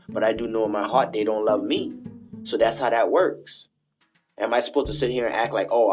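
Man, podcast host, low voice, rambling preachy monologue, lo-fi bathroom recording, faint music underneath. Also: darkish tone. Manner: rambling, preachy, repeats himself. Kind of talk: late-night solo podcast monologue. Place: bathroom at home.

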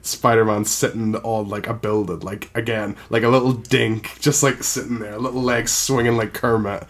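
A man with a fairly low voice riffs bluntly and casually. His speech is loose and rambling, full of filler words and swearing, like a co-host chatting about games and films. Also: flat delivery, moderate pace, a bit bright. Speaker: podcast co-host.

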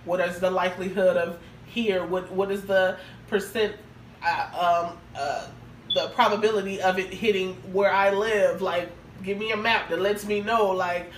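A woman's voice: medium pitch, fairly even intonation, normal speed. A woman co-hosting a podcast in casual chat, frank and crude, often laughing as she tells stories. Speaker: podcast co-host. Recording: roomy, distant mic with faint hiss.

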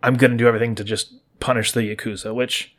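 A man's voice: mid-range voice, fast. Chatty man recapping a game's story. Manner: chatty, with lots of likes and restarts; acts out characters' lines in lively voices. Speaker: video game commentator. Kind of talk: casual spoiler recap monologue.

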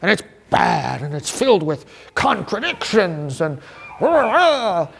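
A smug male skeptic scholar sneers in a high, sing-song voice that swoops up and down, full of mockery, as a man puts him on. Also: very animated, measured pace, vocal fry, husky, heavily acted. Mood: mocking.

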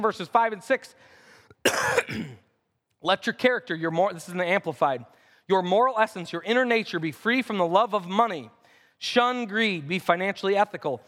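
High-voiced preacher in a reverberant hall. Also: male voice, a bit bright. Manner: preaching with rising intensity and scripture reading. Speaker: pastor. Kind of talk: sermon. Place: church sanctuary. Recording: long reverb of a church hall.

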